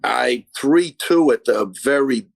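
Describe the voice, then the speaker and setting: A man talks in a casual podcast chat, rambling and effusive, stumbling over restarts and swearing freely. His voice sits at an ordinary middle pitch. The sound is close and dry, with no room echo. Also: slow, gravelly. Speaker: MMA coach guest.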